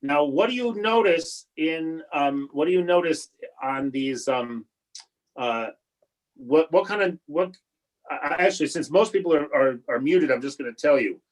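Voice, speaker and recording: Halting male rabbi teaching online. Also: on the high side, animated, poor audio. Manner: halting, with many restarts and fillers; patient and encouraging. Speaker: rabbi teaching a bar and bat mitzvah class. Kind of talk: online class teaching Hebrew prayer reading. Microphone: video call.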